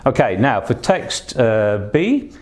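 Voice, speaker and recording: A man's voice: mid-range voice, big pitch swings, slow pace, darkish tone. A man teaching an online exam-prep lesson, patient and instructive, with plenty of "uh" and "um" fillers between his points. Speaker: English test teacher.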